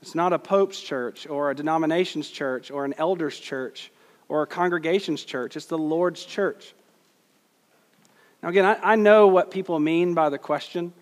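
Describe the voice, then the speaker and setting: A male pastor delivers an earnest sermon, leaning hard on key phrases and slowing for quotes. His voice sits a little high for a man. A long hall reverb trails each line. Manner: earnest, emphatic preaching with slow stressed quotes.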